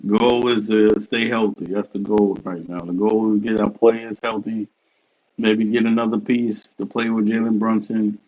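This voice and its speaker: A man's voice: fairly low pitch, steady tone, normal speed. A man co-hosting a sports podcast, earnestly defending his team in casual banter. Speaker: podcast co-host. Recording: dull muffled audio.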